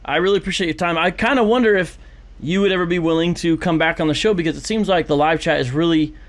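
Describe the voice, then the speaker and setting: A man's voice: a little high, fast talker. A man hosting a live online show, reading viewers' chat messages aloud with fillers and laughs. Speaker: livestream show host.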